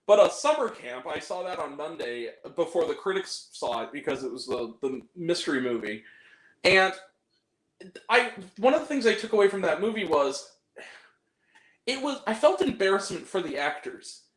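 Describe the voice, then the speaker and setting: Man, high voice, very lively pitch, animated casual movie chat, swearing, exaggerated reactions. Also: moderate pace, reverberant, poor audio. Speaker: podcast co-host.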